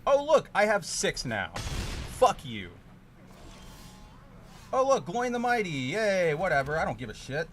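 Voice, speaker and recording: Ranting, animated man streaming a game. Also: sits high, a little slow, long pauses, slight background noise. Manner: profane, exasperated ranting with loud outbursts. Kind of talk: casual livestream chat while playing a card game.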